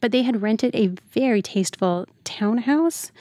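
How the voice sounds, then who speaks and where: A woman's voice: fairly high pitch, normal speed, warm tone, dry recording, clean studio sound. A woman writer, the guest on a podcast, chatting casually and telling stories with lots of "like" fillers. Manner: chatty storyteller, many "like" fillers. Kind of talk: casual interview chat.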